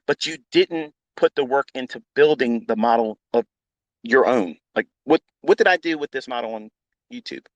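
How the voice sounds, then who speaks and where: A man's voice: mid-range voice, normal speed, fairly bright tone, no room sound, dull audio. A man who mentors traders, talking in a live audio room in a blunt, combative way, swearing often and repeating himself for emphasis. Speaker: trading mentor.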